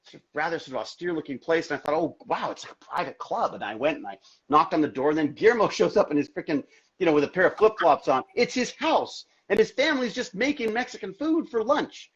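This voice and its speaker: Man, husky voice, rather high, rambling animated storyteller, dull lo-fi livestream audio. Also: fast. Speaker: interview guest, actor. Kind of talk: casual interview chat. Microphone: video call.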